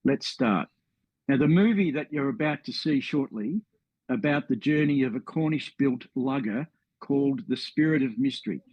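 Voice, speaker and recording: Aussie bloke giving a history talk over a call, dry muffled sound. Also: male voice, medium pitch, lively intonation, moderate pace, breathy edge, dry recording. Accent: Australian. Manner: friendly, wry asides. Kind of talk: storytelling presentation.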